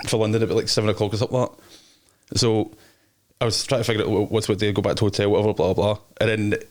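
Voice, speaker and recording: A young Scottish man chats fast in a low voice, slangy and rambling, laughing often as he tells stories. He speaks as a guest in a casual interview. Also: level tone, a little mellow.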